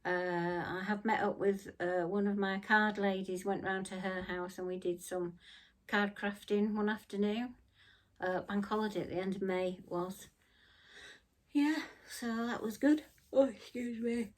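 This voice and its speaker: A woman's voice: medium pitch, steady tone, unhurried. A middle-aged woman, chatting casually in her craft vlog, tired and yawning, rambling and apologetic. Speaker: crafting vlogger.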